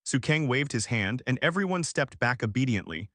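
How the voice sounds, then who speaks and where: A male text-to-speech voice narrating a fantasy audiobook at a middling pitch. The delivery is flat and even, with no acting. The sound is dry and close, with no room echo. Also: moderate pace. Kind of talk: machine-read novel narration.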